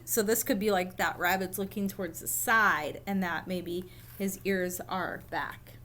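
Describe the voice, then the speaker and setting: A woman teacher reading a picture book aloud to young children in a recorded lesson, playful and animated. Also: lowish voice, unhurried, few pauses.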